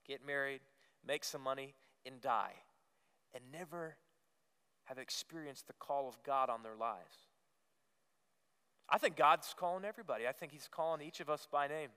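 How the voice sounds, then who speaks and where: A man's voice: fairly high pitch, sharp tone, smooth. A man preaching a sermon as pastor, earnest and emphatic, repeating phrases and rising on key words. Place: church sanctuary. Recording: long reverb of a church hall.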